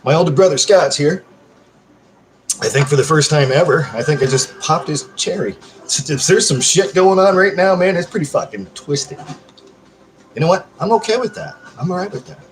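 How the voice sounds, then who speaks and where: A man's voice: fairly high pitch, normal speed, slight background noise. A man chatting with viewers from home on a live stream, joking and swearing in a loose, casual way.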